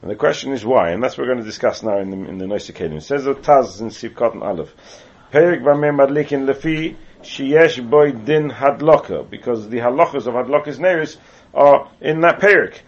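A man's voice: mid-range voice, fairly quick, breathy edge. A man from England teaching a Torah lesson, reading Hebrew text aloud and then explaining it in English, with asides along the way. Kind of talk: Talmudic lecture. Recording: muffled lo-fi recording.

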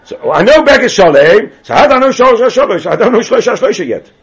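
A man's voice: sits high, very animated, fast talker, a bit bright, breathy edge. A man teaching a Talmud class, chanting phrases in a sing-song way and repeating his questions to the students. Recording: dull lo-fi class recording.

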